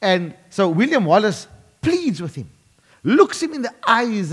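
Animated preacher man. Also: high voice, husky. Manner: emphatic preaching with dramatic slowdowns. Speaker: pastor. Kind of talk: sermon.

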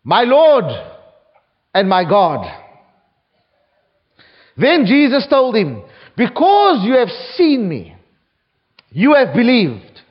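A man preaching a sermon, reading scripture aloud with a dramatic delivery, from South Africa. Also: high-pitched. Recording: dull lo-fi recording.

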